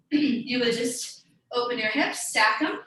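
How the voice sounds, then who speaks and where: A woman teaches a live yoga class, offering encouraging cues and calling students by name. Her fairly high voice is pushed and bright, and she speaks slowly. The room is very echoey, she's far from the mic, and there's faint background noise.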